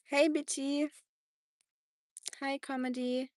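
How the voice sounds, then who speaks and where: A German woman with a German accent livestreams while strolling outdoors by the water on a sunny day, chatting casually, laughing a lot and cooing at her dog. Her voice is high and flat, and she speaks slowly. The recording is dry and studio quality.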